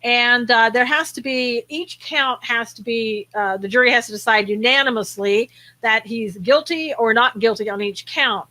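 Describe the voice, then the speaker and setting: A woman co-hosting a live talk show, chatty and quick to laugh, greeting viewers by name. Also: on the high side, sharp tone. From American South. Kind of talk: casual chat.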